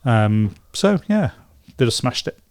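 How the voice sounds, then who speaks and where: A man from England co-hosting a casual beer podcast, talking in halting stops and restarts. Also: mid-range voice, sing-song, a little mellow. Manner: rambling, halting with many restarts and fillers. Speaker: podcast co-host. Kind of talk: casual chat.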